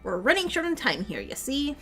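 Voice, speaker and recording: A woman's voice: high-pitched, huge pitch swings, a little fast, sharp tone, faint music behind, heavily acted. A woman voicing a smug, gleefully callous mascot host of a deadly game, taunting the players.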